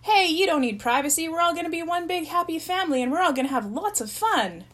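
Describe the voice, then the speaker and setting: A woman reading the part of an eager, cheerful young male camp counselor in a storybook, pitching her voice up brightly. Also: animated, fast. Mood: hearty.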